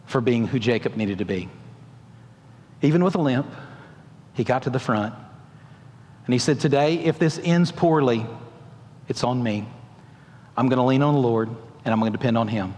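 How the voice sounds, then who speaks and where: A man's voice: medium pitch, moderate pace, pauses often, darkish tone. A male pastor preaching a sermon, asking the congregation emphatic questions and acting out the voices in a story. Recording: long hall reverb.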